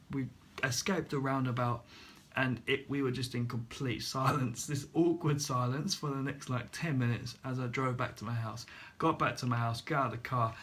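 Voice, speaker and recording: A young man casually telling a story to his vlog, animated, laughing at himself and acting out the voices of others. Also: mid-range voice. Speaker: vlogger.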